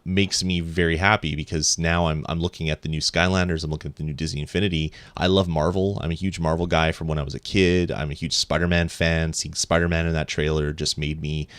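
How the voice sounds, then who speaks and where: A man with an extremely low voice chats on a gaming podcast, rambling and eager, full of ums and false starts. The sound is dry and close to the microphone. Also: a little fast, few pauses, smooth, dry recording. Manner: excited, rambling with many ums and restarts. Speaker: podcast co-host. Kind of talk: casual chat.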